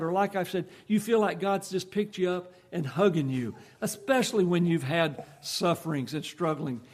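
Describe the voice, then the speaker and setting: A male preacher delivers a sermon in a folksy, conversational way. He talks to the congregation as if chatting with them. His voice sits a little higher than most men's. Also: darkish tone.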